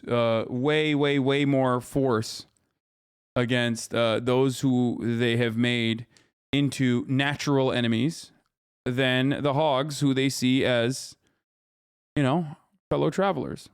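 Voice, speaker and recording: A man's voice: mid-range voice, fairly even intonation, slow pace, smooth, dry recording, clean studio sound. A man in his thirties streaming live, reacting bluntly with emphatic, profane asides.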